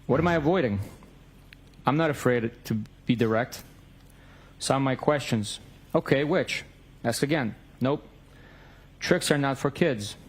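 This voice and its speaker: Guy on the stand reading back a text convo, reads out the dates and times, middle pitch, courtroom mic. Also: unhurried, long pauses, slightly rough. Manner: reads both sides of a text exchange, stating dates and times.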